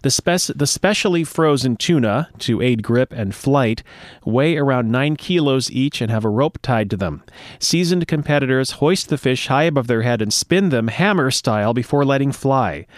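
A man's voice: mid-range voice, expressive, moderate pace, no echo, studio quality. A man hosting a show, reading a news item aloud and breaking off with playful, self-mocking jokes. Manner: playful, self-mocking, ad-libs between read lines. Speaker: show host. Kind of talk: casual news reading with joking asides.

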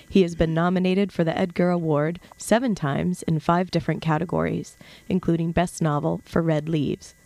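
A woman hosting a radio interview in a studio, speaking haltingly with many fillers. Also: deep voice, creaky, darkish tone, no room sound. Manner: halting, with many fillers and restarts, laughs easily. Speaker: radio show host. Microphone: studio mic.

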